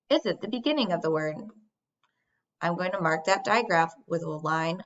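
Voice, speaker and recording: Slow, deliberate woman teaching phonics. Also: on the low side. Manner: slow, deliberate, modeling sounds for young children. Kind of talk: recorded phonics lesson. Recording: dull lo-fi sound.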